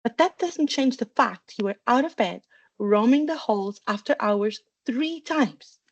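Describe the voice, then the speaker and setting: A woman voicing a bookish, bossy schoolgirl witch who asks brisk, insistent questions in a storybook reading. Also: on the high side, expressive, breathy edge, dry recording, highs cut off, voice pushed up, exaggerated voice.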